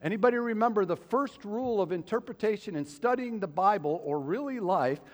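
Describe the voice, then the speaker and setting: A pastor with a high-pitched male voice delivers a sermon, turning to the congregation with questions. His words ring out with a long reverb, as in a large sanctuary. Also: expressive, brisk. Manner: preaching, asks the congregation questions.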